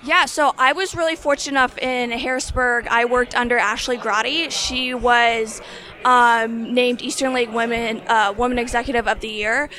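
Young woman guest, earnest, kinda high voice, very flat pitch. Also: normal speed. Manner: earnest, grateful. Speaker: interview guest. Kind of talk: casual interview chat.

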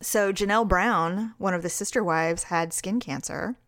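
Sarcastic gossip co-host, female, smooth-voiced, dry close sound. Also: mid-range voice, normal speed, dry recording. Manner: chatty, sarcastic, animated storytelling. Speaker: podcast co-host. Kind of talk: casual celebrity gossip chat.

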